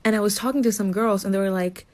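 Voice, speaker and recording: A young woman from Greece tells a casual story with a dry, wry edge. Her voice has an ordinary, middle pitch for a woman. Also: steady tone, quick pace, a little mellow.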